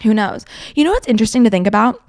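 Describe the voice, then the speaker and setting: A woman's voice: fairly high pitch, expressive, racing, a little mellow, no room sound, clean studio sound. A young woman hosting her own podcast in a casual, chatty, self-mocking way, laughing often as she talks. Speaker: podcast host. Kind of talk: casual solo podcast chat.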